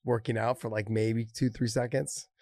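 A man's voice: mid-range voice, flat delivery, normal speed, darkish tone, no echo, studio quality. A man co-hosting a casual chat, joking and teasing his friends between fight talk. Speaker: podcast co-host.

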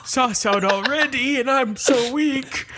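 A man voicing a frail, confused old woman who slowly pleads for extra sauce. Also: extremely high pitch, very noisy, voice pushed up. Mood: pleading. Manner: slow, quavering, pleading. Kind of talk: comedic podcast banter.

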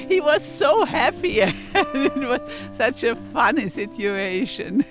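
A man with a German accent tells a story slowly, his high voice pausing on small hesitations as he searches for English words. He laughs often between phrases, and faint music sits low under him. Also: expressive, a bit bright. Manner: halting English with frequent "uh" and laughter. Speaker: guest paddler. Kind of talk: casual storytelling. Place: outdoors by a wilderness lake.

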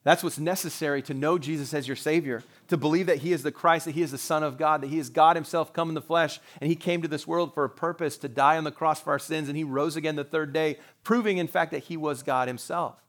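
A man's voice: on the high side, fairly even intonation, fast, few pauses, a bit bright. A man who is a pastor, preaching a sermon in a conversational way, with rhetorical questions and joking asides.

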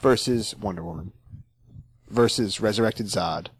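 Snarky low-voiced dude cohosting a podcast, opinionated, no room sound at all. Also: male voice, unhurried, breathy edge, dry recording. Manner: sardonic, opinionated, teasing. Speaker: podcast co-host. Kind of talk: casual chat.

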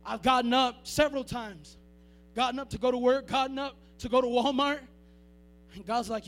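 A man preaching a fervent sermon, repeating phrases and building from quiet to shouting. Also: very high voice, brisk, soft background music. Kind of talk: Pentecostal-style sermon.

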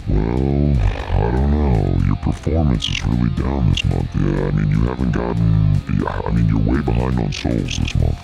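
A man playing Lucifer, a petty male devil boss who makes up hell's rules as he goes, speaking slowly and stalling in a comedy sketch. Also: very deep voice, gravelly, over music, full character voice. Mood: scolding. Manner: slow, stalling, making up rules.

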